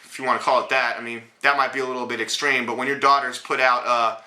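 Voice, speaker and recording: A man's voice: medium pitch, little pitch movement, fast talker, sharp tone, roomy sound. A man hosting a political commentary show, ranting in a blunt, indignant and sarcastic way.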